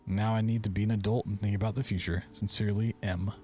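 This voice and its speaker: A man's voice: fairly low pitch, little pitch movement, fast, dark tone, soft background music. A man hosting a game playthrough, reading in-game letters aloud and breaking off with wry, joking asides. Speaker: gaming video host.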